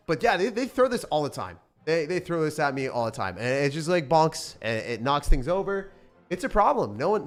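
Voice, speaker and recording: An excitable young man rambles through casual gameplay commentary, his pitch jumping around a lot as he talks. He swears now and then, breaks into loud outbursts, and has light music playing under his voice. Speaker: gaming YouTuber.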